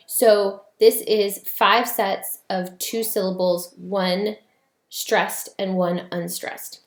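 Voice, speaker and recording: Gravelly-voiced woman teaching a class. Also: mid-range voice, roomy sound. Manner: casual, explanatory, many fillers. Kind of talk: online class lecture.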